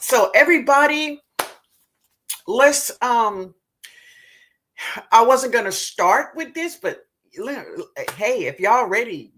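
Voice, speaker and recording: A woman hosts a casual live stream. She talks slowly and with a lively, up-and-down voice. She greets viewers one by one and laughs often. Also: fairly high pitch.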